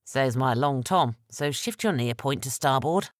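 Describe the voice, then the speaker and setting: A woman voicing a roguish, wry male pirate captain in an audiobook, with gruff, bantering delivery. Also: a bass voice, lively intonation, normal speed, dry recording, clean studio sound.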